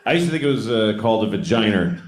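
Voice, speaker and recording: Rambling, lively comedian on an echoing stage. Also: male voice, fairly low pitch, fast talker, some chatter behind, a little hiss or hum. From Boston. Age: 40s. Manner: rambling, conversational, self-mocking. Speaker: stand-up comedian. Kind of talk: stand-up comedy. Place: stage of a large comedy venue. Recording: echoey live venue.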